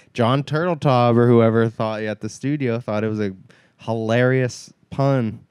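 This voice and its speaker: A man's voice: medium pitch, fairly even intonation, unhurried, a little mellow, clean tone, dry recording. A man co-hosting a casual movie review chat, rambling and acting out mocking quotes with a laugh. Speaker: podcast co-host.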